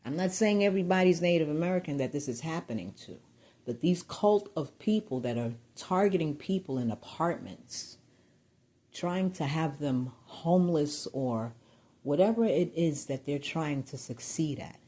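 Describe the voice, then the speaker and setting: A woman venting in a rambling personal vlog, getting agitated and loud when riled. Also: deep voice, animated, moderate pace. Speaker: vlogger.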